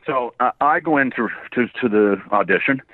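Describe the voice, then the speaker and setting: Guest: hoarse Canadian voice actor, faint Irish trace, lively storyteller, phone-quality line. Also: male voice, mid-range voice, normal speed, no room sound. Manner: animated, laughing storyteller with frequent restarts. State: a bit hoarse. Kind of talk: casual interview chat. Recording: tinny phone-line sound.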